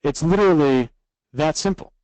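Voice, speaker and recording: A man's voice: fairly high pitch, moderate pace, darkish tone, no echo, rough recording. A man teaching a live online webinar, walking through steps in an upbeat way and ending nearly every point with "right?". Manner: reads out viewer comments from a live chat. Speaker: online course instructor.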